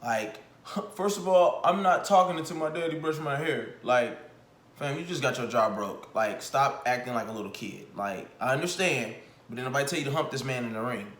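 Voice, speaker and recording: A young adult man giving casual commentary in an animated, exasperated, mocking way. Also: mid-range voice, normal speed. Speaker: commentary vlogger. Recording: echoey room.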